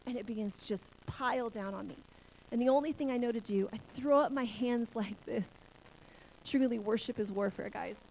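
A woman's voice: on the high side, rough recording. A middle-aged woman from a church-planting family sharing a personal testimony, telling it with emotion and laughing through the hard parts.

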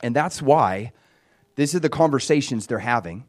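A man teaching from scripture in a relaxed, talky manner at a middle pitch. He retells the story with lively emphasis, leaning on casual fillers like "like" and "you know." He speaks as a teacher walking listeners through a passage. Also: moderate pace. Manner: conversational, animated retelling with filler words. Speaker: Bible teacher.

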